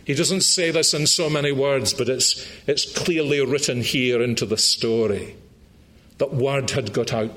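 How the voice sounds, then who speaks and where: Slow, emphatic male preacher. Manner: rises to high, excited pitch at climaxes. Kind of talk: sermon.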